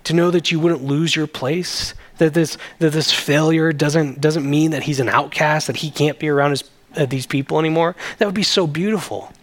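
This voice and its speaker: Guy pastor giving a sermon, earnest and chatty, voice sits a bit high. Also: steady tone, normal speed, hardly any pauses. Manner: earnest, conversational preaching.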